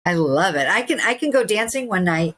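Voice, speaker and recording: A woman in her sixties, a guest on an interview podcast, who tells stories in an animated way, laughing often and acting out what people said. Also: mid-range voice, brisk. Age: 60s. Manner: animated, acts out quoted voices, laughs often. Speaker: guest, stretching teacher. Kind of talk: casual interview storytelling.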